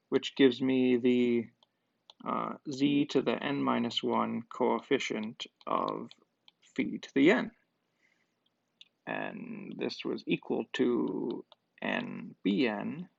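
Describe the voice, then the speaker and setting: Standing at the board, a math professor with a mid-range voice and some vocal fry reasons through a proof one step at a time, now and then using fillers. There's no echo, and the recording has a dull, lo-fi, dry quality.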